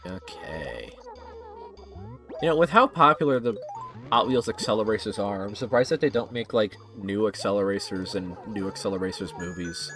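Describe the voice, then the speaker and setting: A man streaming a cozy game, chatting casually with crude jokes. His pitch moves a lot. Faint game music plays behind him. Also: lively intonation, normal speed. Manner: crude, joking, laughing.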